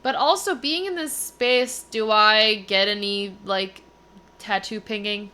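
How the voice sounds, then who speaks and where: A woman talking through her character's moves in a tabletop game, unhurried and drawn out. Her voice is bright and forward, and she takes her time over each phrase. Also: medium pitch, clear, resonant tone. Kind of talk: casual chat.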